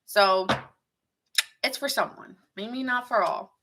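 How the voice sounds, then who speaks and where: A woman's voice: medium pitch, slow, noisy background. A woman giving a casual live tarot reading, chatty and laughing often as she acts out what people think. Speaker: tarot reader.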